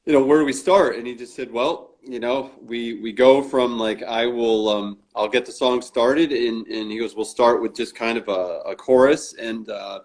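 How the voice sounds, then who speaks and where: A man at an average, middle pitch, talking as an interview guest in a relaxed, chatty way. He tells a story and slips into the voices of the people in it. His sentences restart often and run on with fillers. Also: normal speed, few pauses. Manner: acts out quoted dialogue in his stories. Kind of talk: casual storytelling chat.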